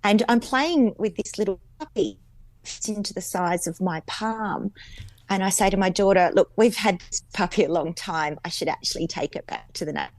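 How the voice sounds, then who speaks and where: A woman's voice: medium pitch, normal speed, a little mellow, no echo. A woman in her fifties with an Australian accent, a guest chatting as she recounts a dream, with lots of fillers and repeats. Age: 50s.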